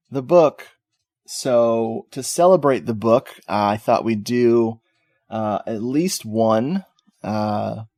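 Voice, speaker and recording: A male podcast host chatting casually with his co-host. He keeps a light, joking manner at a middle pitch, recorded dry and close with no room sound. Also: a little mellow, dry recording. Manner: joking, laid-back, laughs often. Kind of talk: casual chat.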